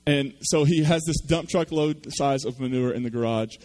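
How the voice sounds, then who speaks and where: A man's voice: medium pitch, moderate pace, a little mellow. A man preaching a sermon, telling a story with self-deprecating humor. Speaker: pastor.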